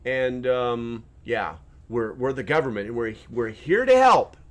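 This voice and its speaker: A man's voice: mid-range voice, animated, measured pace. A man hosting his own channel, talking casually in a rambling, sarcastic way with many restarts. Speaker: channel host. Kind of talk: casual vlog commentary.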